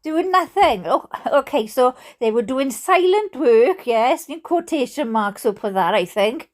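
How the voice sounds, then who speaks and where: A woman's voice: sits high, animated, measured pace, a little mellow. A Welsh woman reading funny stories aloud, with chatty, giggly, mock-indignant asides. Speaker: storyteller reading viewer stories.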